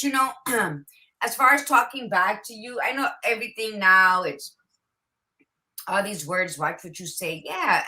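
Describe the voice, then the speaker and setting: Blunt, profane woman with a bright voice. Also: mid-range voice, poor audio. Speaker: podcast co-host. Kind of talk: casual chat.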